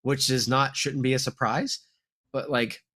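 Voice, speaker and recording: A man's voice: mid-range voice, steady tone, a little slow, bright, forceful tone. Nasal-voiced man in casual chat. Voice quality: slightly nasal. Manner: rambling, many fillers and restarts. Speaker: podcast co-host.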